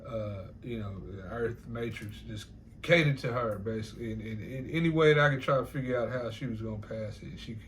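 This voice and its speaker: Casting: man with a middle pitch, loose profane rambling, restarts and chuckles, faint hiss behind. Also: brisk. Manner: profane, repetitive, laughing asides. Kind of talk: casual rambling monologue.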